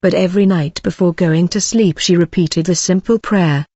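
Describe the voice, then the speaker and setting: A woman narrating a first-person story in a slow, solemn, scripted way. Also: lowish voice, a little mellow, dry recording, highs cut off.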